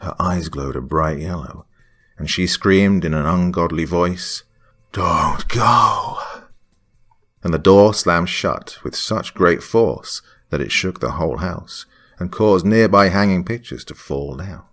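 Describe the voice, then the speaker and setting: A man reading a first-person horror story in a hushed voice that drops to whispers. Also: low voice, a little slow. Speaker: horror podcast narrator. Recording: faint music under the voice.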